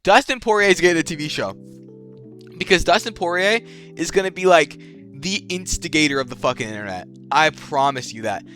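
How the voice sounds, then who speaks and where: A man's voice: fairly high pitch, expressive, brisk, fairly bright tone, soft background music. A young man giving casual, slangy commentary as a channel host, rambling, swearing freely and laughing at his own jokes. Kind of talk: casual tier-list commentary.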